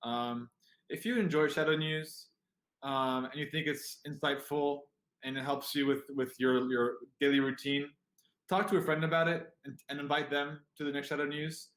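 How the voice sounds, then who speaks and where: Higher-voiced host in an echoey room. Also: male voice, level tone, normal speed, a bit bright. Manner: jokey, hesitant, many restarts. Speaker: show host. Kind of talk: casual livestream chat.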